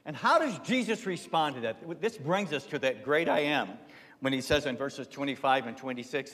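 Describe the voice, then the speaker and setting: A man's voice: animated, normal speed. Preaching man in a reverberant church. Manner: conversational preaching, swells loud and high at climaxes, drops to soft asides. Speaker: pastor. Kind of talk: Easter sermon. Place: church sanctuary.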